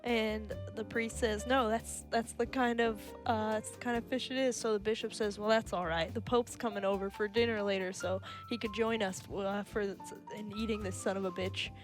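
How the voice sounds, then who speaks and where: A woman's voice: mid-range voice, steady tone, moderate pace, few pauses, faint music behind. A woman telling a long joke on a stream, playfully giving each character a little voice of their own. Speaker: stream co-host. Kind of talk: telling jokes aloud.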